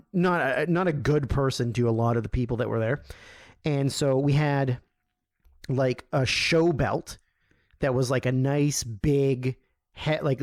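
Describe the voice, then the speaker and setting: A man hosting a podcast, telling a long, rambling story in a casual, profane way and getting animated when he quotes other people. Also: medium pitch, no room sound, studio quality. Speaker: podcast host.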